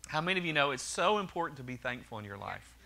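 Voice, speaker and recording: Man, middle-aged pastor, sermon, bright clear tone, conversational, joking asides. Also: fairly high pitch, sing-song, fast. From Oklahoma, USA.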